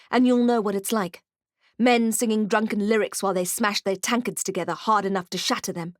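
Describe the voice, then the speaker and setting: A woman's voice: medium pitch, no room sound. Woman narrating with dry, wry delivery. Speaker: audiobook narrator. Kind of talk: scripted first-person narration.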